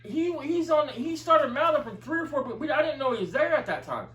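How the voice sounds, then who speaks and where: A man with a high voice tells a heated, profane story in casual chat. He sits some way back from the mic. The room echoes around him. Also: very animated, fairly quick, a bit bright, far from the mic. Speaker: video commentator.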